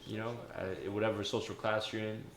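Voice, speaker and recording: Male podcast host, low voice, easygoing and reflective; roomy, echoey recording. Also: flat delivery, a little fast, slight background noise. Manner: laid-back, reflective, easygoing. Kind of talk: casual chat. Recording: roomy room.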